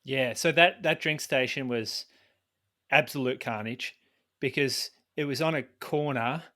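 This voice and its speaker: A man co-hosts a running podcast, talking through his opinions in a relaxed, explanatory way. His voice is bright and forward, set at a middle pitch. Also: measured pace. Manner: explanatory, opinionated, asks follow-up questions. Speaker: podcast co-host. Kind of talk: casual conversational chat.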